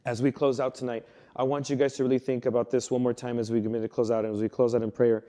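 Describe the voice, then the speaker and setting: A man's voice: medium pitch, flat delivery, fast, dark tone. A young man, a youth pastor, preaching a sermon in a casual, conversational way, telling stories and acting out quotes. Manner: conversational, storytelling with acted quotes.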